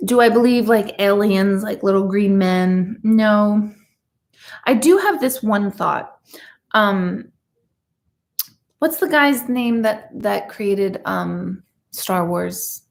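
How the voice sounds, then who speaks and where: A middle-aged woman hosting a live chat stream, talking casually to her viewers and slipping into quick mock voices. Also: medium pitch, gravelly. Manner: chatty and animated, does quick mock voices. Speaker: host of a live chat show.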